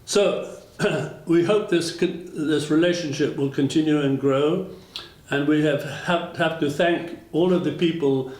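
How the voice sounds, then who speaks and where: A man with an English accent, his voice a touch higher than most men's, delivers a formal ceremonial speech. He pauses and restarts often, searching for his words. The sound rings in a roomy hall. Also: a little mellow. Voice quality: halting, with frequent fillers and restarts. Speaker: speaker at a town twinning ceremony.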